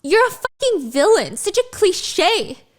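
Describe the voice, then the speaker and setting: A woman's voice: high voice, expressive, moderate pace, a bit bright. A woman voicing a fierce young woman rider who snaps back in a raised, swearing voice. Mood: furious.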